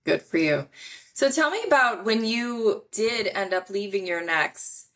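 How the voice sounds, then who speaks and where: A woman's voice: mid-range voice, expressive, unhurried, a bit bright, low-quality recording. A woman hosting a podcast interview, asking questions and chiming in with supportive remarks. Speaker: podcast host. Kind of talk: casual interview.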